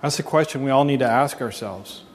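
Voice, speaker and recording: A man's voice: medium pitch, a little fast, slight background noise. Earnest preaching man, long hall reverb. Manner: earnest preaching, asks the congregation questions. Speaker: pastor. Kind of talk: sermon.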